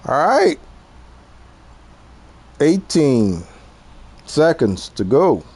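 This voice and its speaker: A man's voice: on the high side, wildly swooping pitch, very slow, a little mellow, husky. A man in his forties with a Southern US accent, chatting casually with his viewers while streaming a game and laughing often. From Louisiana. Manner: laid-back, laughs often, talks to chat. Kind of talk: casual chat while gaming.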